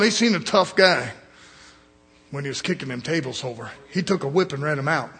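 Husky folksy preacher man. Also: on the high side, animated, a little fast, pushed and bright. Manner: folksy, blunt, call-and-response. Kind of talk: fiery sermon.

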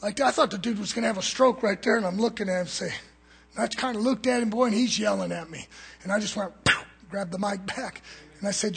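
A man preaching a fiery sermon in a church, swinging from loud shouts to low murmurs. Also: fast, gravelly, slightly rough.

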